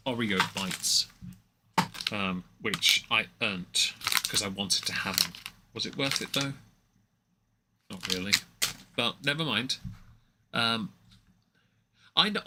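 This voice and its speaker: A man's voice: fairly low pitch, sharp tone, slight background noise. A young man giving rambling, mocking commentary on a livestream, with many fillers and restarts.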